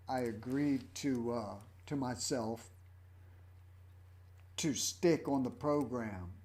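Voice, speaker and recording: A man's voice: medium pitch, warm tone. A man in his fifties hosting a casual livestream, telling rambling stories about his life as a rock drummer. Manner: rambling, anecdotal storytelling.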